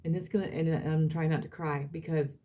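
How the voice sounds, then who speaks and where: A woman's voice: deep voice, steady tone, brisk, dark tone, muffled recording. A woman reading tarot cards for her audience, emphatic and blunt, repeating herself and swearing now and then. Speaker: tarot reader.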